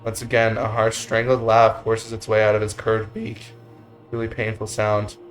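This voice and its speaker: A man's voice: on the low side, moderate pace, faint music behind. Man narrating a visual novel. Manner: steady narration with goofy joking asides. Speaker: let's play host reading a visual novel. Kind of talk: reading a visual novel aloud.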